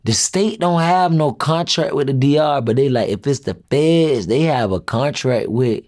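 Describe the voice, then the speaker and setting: A man's voice: mid-range voice, moderate pace. A young man being interviewed as a rapper, casually retelling a story and acting out what each person said. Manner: animated retelling, acts out quoted dialogue.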